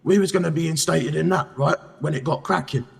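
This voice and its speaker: A man's voice: a little high, a little fast, gravelly, slightly rough, long reverb tail, exaggerated voice. A man playing a brash, chatty male police officer in a game role-play, speaking, rambling and tacking "mate" onto every phrase. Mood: defensive.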